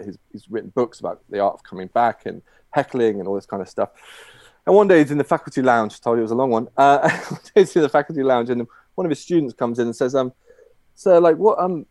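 A man's voice: mid-range voice, a little mellow, no echo. Male guest, rambling storyteller, lots of fillers, dry recording. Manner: rambling, many fillers and restarts. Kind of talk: telling a long shaggy dog joke.

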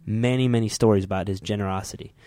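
A man's voice: fairly low pitch, fairly even intonation, quick pace, mellow, dry recording. A man co-hosting a casual studio talk show, opinionated and emphatic. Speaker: co-host. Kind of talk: casual podcast chat.

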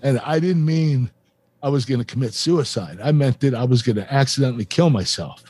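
A man's voice: medium pitch, fairly quick, a little mellow, breathy edge. A middle-aged man, the host of the show, earnestly telling a confessional story in an interview, with plenty of fillers. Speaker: show host and former wrestler.

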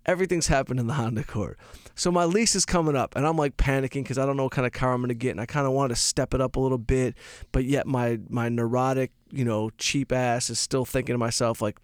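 A man's voice: mid-range voice, fairly even intonation, brisk, no echo, studio quality. A male comedian and podcast host telling rambling, self-mocking stories in casual chat, swearing freely. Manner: profane, rambling storyteller.

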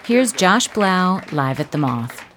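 A woman hosting a radio show, reading scripted narration in a measured, expressive way. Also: on the low side, a faint crowd, a little hiss or hum. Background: music bed.

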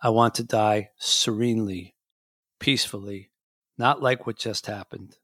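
A man voicing a gravely ill older man who talks softly and calmly, close to a whisper. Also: lowish voice, measured pace, dry recording. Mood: serene. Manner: weak, whispered, serene. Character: frail old man, gravely ill, calm.

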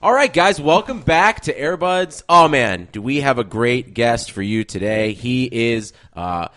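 A man co-hosting a casual podcast, animated and joking through sponsor reads and chat with a guest. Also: medium pitch. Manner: animated, jokey, quick asides. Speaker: podcast co-host.

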